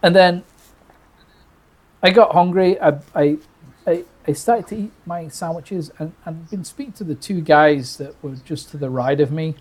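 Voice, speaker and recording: A man's voice: on the high side, normal speed. A man from Britain telling a birding story casually, full of restarts and acted-out quotes. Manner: animated, restarts often, acts out quoted lines.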